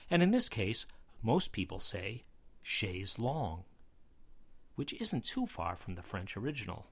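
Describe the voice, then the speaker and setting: Lively low-voiced man explaining pronunciation. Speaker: pronunciation lecturer. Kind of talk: scripted educational narration.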